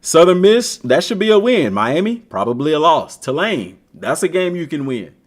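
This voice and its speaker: Animated slangy man commenting on a game. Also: on the high side, normal speed. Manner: slangy, talks to the team directly, animated. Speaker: gaming streamer. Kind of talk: casual commentary on a video game.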